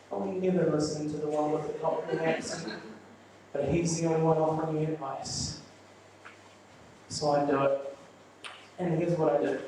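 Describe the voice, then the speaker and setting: A man performing a live stand-up set, rambling through his stories in a deadpan way with plenty of ums. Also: fairly high pitch, a little hiss or hum. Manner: deadpan, rambling storytelling with filler words. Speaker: stand-up comedian. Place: small live venue with audience. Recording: rough, echoey room recording from a distance. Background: audience laughter.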